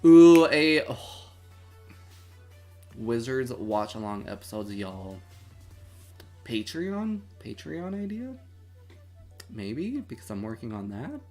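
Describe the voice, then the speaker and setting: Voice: mid-range voice, big pitch swings, slow, pauses often, faint music behind. A streamer in their twenties hosting a movie watch-along, chatting casually and dramatically with mock outrage. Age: 20s. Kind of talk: casual livestream chat.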